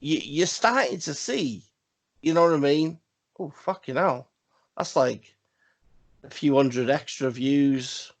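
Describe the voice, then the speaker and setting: A man with a slightly high voice co-hosts a casual podcast. He rambles, swears freely and repeats himself for emphasis. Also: slow pace, pauses often. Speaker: podcast co-host. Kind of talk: casual wrestling podcast chat.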